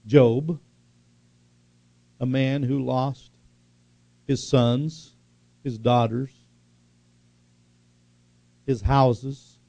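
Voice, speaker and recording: A man's voice: mid-range voice, little pitch movement, drawn-out words, gravelly, pauses often, mellow, no room sound. A man preaching a sermon, emphatic and repetitive, often putting questions to the congregation. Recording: dull lo-fi recording.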